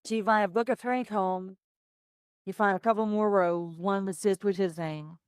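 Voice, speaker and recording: A woman's voice: mid-range voice, fairly even intonation, normal speed, clean tone, no echo, studio quality. A woman narrating as game master of a tabletop horror game, casually answering the players' questions.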